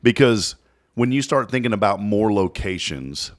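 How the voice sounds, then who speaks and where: A man's voice: lowish voice, animated, moderate pace, no echo, clean studio sound. A man hosting a morning show in a casual, playful chat, laughing often.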